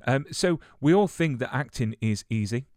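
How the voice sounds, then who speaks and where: A man's voice: mid-range voice, animated, normal speed, darkish tone, dry recording, clean studio sound. A man hosting an interview, asking questions supportively and often saying "you know". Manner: supportive, frequent "you know", affirming murmurs. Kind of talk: interview conversation.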